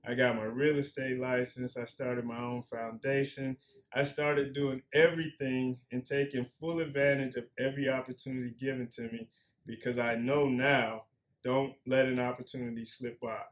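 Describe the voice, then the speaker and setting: A man's voice: mid-range voice, little pitch movement, moderate pace. A man in his forties, a former pro football player, talking earnestly and plainly as a guest, repeating himself for emphasis. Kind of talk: reflective interview talk.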